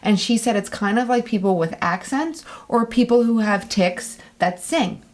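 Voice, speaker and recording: A woman co-hosting a casual podcast, chatty and quick to laugh, trading stories at a table. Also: fairly high pitch. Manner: chatty, laughs easily, mimics others' voices. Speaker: podcast co-host. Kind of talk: casual chat. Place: indoor studio table.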